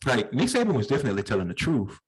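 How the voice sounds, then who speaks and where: A young adult man co-hosting a podcast, telling stories in a slangy, animated way and acting out voices in casual chat. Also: medium pitch, rapid-fire, low-quality recording. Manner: animated storyteller, slangy, acts out voices in anecdotes. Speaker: podcast co-host.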